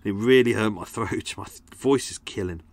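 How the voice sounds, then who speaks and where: A man's voice: on the low side, moderate pace, no room sound. A man hosting a podcast, chatting casually in a rambling, sweary and self-mocking way. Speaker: podcast host. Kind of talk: casual chat.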